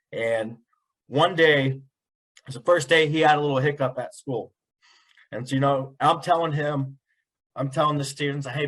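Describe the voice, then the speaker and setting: A man's voice: medium pitch, a bit bright, rough recording. Young male guest, earnest, casual storyteller, mid-range voice. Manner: earnest, repeats words while telling a personal story. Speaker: podcast guest, special education teacher.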